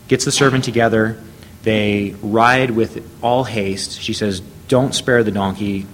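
Male preacher, lowish voice, measured storytelling sermon with scripture readings, faint rumble behind. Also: a bit bright.

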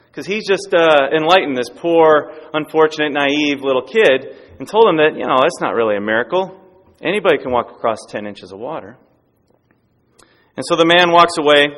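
Male preacher, fairly high voice, emphatic storytelling with repeated restarts, echoey church hall. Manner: animated, repetitive restarts, emphatic. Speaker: pastor. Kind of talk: sermon storytelling.

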